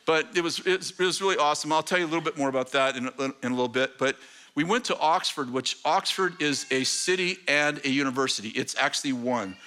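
A man preaches to his congregation, spinning a personal story with a high, piercing voice. He talks in an animated, self-mocking way, stumbling through restarts as he reaches for words. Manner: animated, self-deprecating, halting with many restarts. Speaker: pastor. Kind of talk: sermon storytelling.

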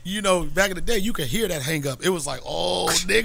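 A middle-aged man, the podcast host, telling a story in casual, profane, animated chat and laughing often. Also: high voice, moderate pace, creaky, hardly any pauses.

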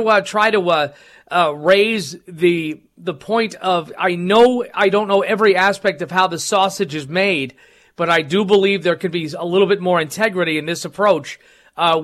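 A man's voice: high voice, a bit bright. A man hosting a call-in talk radio show, rambling with many fillers and restarts. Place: radio studio.

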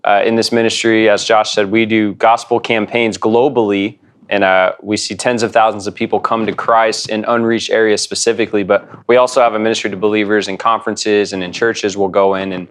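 A man's voice: lowish voice, flat delivery, brisk, few pauses. A man who is an evangelist, chatting in an easygoing, jokey way. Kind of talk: casual chat.

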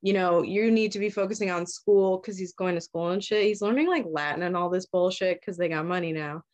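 A young woman with a lowish, darkish voice retells a story as a podcast host in casual chat. She's loose and profane, briefly acting out the characters' lines in quick voices.

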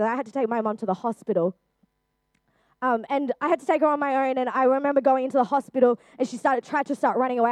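A young woman shares a personal testimony in an earnest, chatty way, with lots of "um" and "like." Her voice sits slightly high. The sound is close and dry, with no room echo. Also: darkish tone. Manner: earnest, chatty, with frequent fillers. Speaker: youth speaker.

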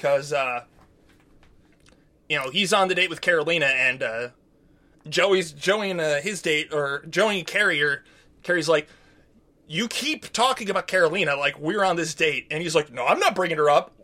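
A man's voice: a little high, normal speed, pushed and bright. A man co-hosting a podcast, recapping a show in casual, profane, rambling chat and acting out quotes. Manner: rambling, profane, acts out quotes in silly voices. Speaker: podcast co-host.

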